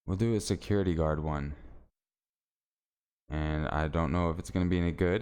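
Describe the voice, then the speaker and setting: A man's voice: low voice, normal speed, pauses often, a little mellow, smooth. A man streaming live, chatting casually with viewers and reading stories aloud in a laid-back, rambling way.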